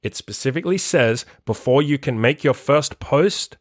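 A man's voice: mid-range voice, lively intonation, moderate pace, dry recording. Man, podcast host, life coach, emphatic, swears a lot, dry room. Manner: blunt and emphatic, swears freely. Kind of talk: solo motivational podcast monologue.

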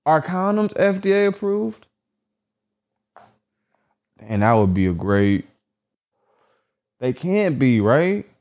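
A man talking alone in casual commentary, reading search results aloud haltingly and joking with lots of swearing. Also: on the high side, very animated, darkish tone. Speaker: vlogger.

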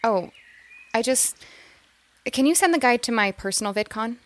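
A woman's voice: a little high, animated, moderate pace, lightly acted. An actress playing a chatty young mother in an audio drama who talks with nervous little laughs. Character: eager young mother, psychology graduate.

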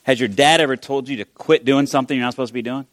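A man giving a conversational sermon, telling the story in a casual, animated way with frequent restarts. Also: mid-range voice, racing, no room sound. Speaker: pastor.

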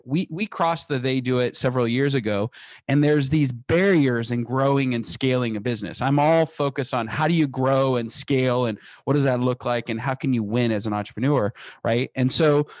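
Business founder guy on an interview, punchy and energetic, keeps restarting sentences, dry close sound. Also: medium pitch, moderate pace, dry recording. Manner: emphatic, energetic, frequent restarts. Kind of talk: casual interview talk.

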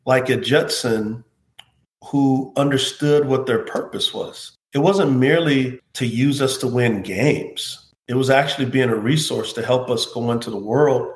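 A man's voice: medium pitch, a little slow. A man shares a personal story in an interview, his voice sitting in a comfortable middle range. He speaks with earnest, reflective feeling, and the room around him adds a noticeable echo. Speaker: interview guest, former pro football player. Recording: roomy echo.

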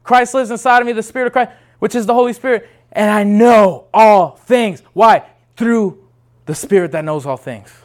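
A man preaching an impassioned sermon, restarting phrases often and swinging between loud bursts and hushed asides. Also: extremely high pitch, a little fast.

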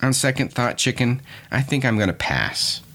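Man doing a friendly excitable pig from a farm fable, high-pitched and animated. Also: normal speed. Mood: wary. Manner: excitable, then wary. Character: good-natured excitable male farm pig. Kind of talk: storytelling in a podcast.

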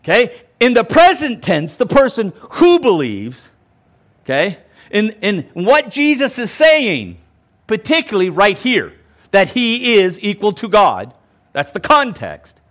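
High-pitched and unhurried, this pastor works through Scripture verse by verse. His delivery is animated and emphatic as he explains and restates his points, dropping in casual asides and often restarting.

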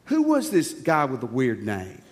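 A man's voice: medium pitch, huge pitch swings, unhurried, long reverb tail. A male pastor delivering a sermon, preaching emphatically and speaking straight to his congregation in a conversational way.

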